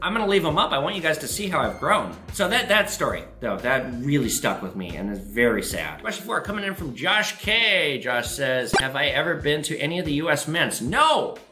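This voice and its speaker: A man's voice: a little fast, hardly any pauses. A man hosting his own show, answering viewer questions and telling stories in a casual, profane way. He is recorded in an echoey room with faint music. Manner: animated, profane, jumps to high pitch for quoted voices. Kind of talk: casual storytelling monologue.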